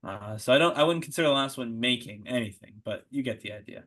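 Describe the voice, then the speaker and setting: A man's voice: mid-range voice, fast, a bit bright. Man, American accent, mid-range voice, easygoing, laughs often, restarts sentences, casual podcast chat. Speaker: podcast host.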